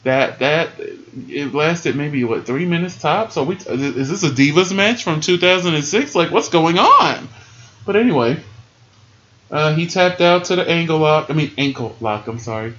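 A man giving a sassy, animated casual recap of a wrestling show, laughing often and jumping into high squeals. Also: normal speed, highs cut off.

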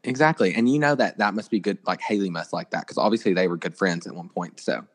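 A man's voice: deep voice, fast talker. A young man co-hosting a podcast, chatting casually about celebrity gossip with lots of filler words. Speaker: podcast co-host.

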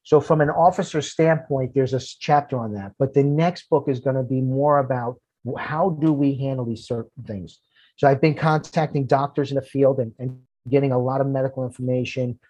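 A man's voice: medium pitch, fairly even intonation, fairly quick, warm tone, no echo. A man, a firefighter and podcast guest, telling emotional personal stories earnestly, often repeating words when moved.

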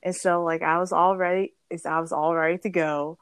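A woman's voice: on the low side, level tone, fairly quick, smooth, no echo. A young woman telling a story in a bubbly, rambling way, often correcting herself and giggling. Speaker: guest storyteller. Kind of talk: casual storytelling.

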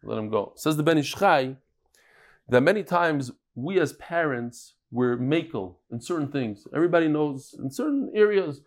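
Animated man teaching a daily Talmud class. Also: fairly high pitch, normal speed. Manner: animated, joking storyteller mixing Hebrew terms.

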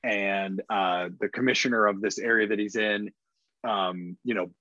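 A man who is a guest on a casual podcast, talking in a relaxed, rambling way with lots of fillers. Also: fairly low pitch, normal speed, no room sound, highs cut off. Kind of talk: casual chat.

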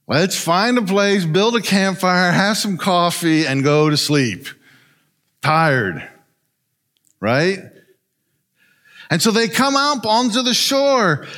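A man preaching a sermon, retelling a story in an animated way and often asking "right?". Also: sits high. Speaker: pastor.

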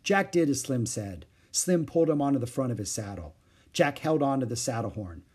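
A man reads a children's chapter book aloud, his voice husky and mid-pitched. The delivery is lively and expressive, rising and falling as he tells the story. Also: fairly quick. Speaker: narrator.

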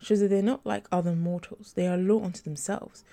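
Blunt half-human detective, pressing and urgent, a woman reading him. Warm, gravelly. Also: mid-range voice, steady tone, a little fast, natural voice. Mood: lecturing. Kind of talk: audiobook character reading.

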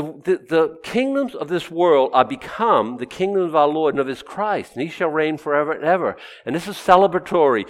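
A man preaches with a fairly high voice. He bursts into loud, joyful exclamations, then drops into quiet, wry asides to his congregation. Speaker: pastor. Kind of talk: sermon.

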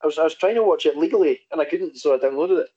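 A man's voice: on the high side, very fast, warm tone, husky. A man chatting casually, telling stories wryly with hesitant restarts. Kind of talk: casual chat. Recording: dull lo-fi sound.

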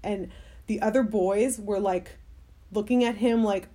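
A woman's voice: mid-range voice, slow, pauses often, mellow. A young woman co-hosting a podcast, telling a story in casual chat with lots of fillers. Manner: rambling, many fillers. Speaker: podcast co-host.

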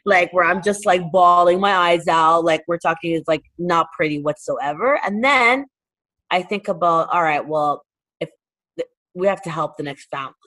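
A woman from Toronto who runs a charity, talking casually in an interview, animated and full of fillers. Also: on the low side, moderate pace. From Toronto, Canada. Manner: animated, fillers of "like", acts out quotes. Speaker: charity founder.

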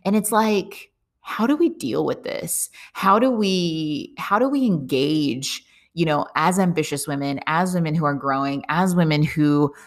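A young woman who lives overseas hosts a podcast and chats to her listeners in a loose, unfiltered monologue, heavy on fillers and profanity. Her low voice is expressive, and she keeps a measured pace.

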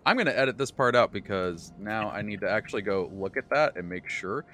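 An animated man telling the story of his tabletop game session, his voice swinging widely in pitch. His tone is bright and forceful, and he stumbles over restarts and breaks into laughter as he goes. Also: brisk, slight background noise. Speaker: game master and podcast host. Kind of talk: casual recap of a tabletop game.

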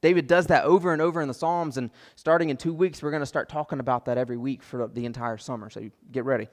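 A man's voice: medium pitch, fast, big-room sound. A man preaching a sermon as pastor, impassioned, repeating phrases for emphasis and acting out prayers.

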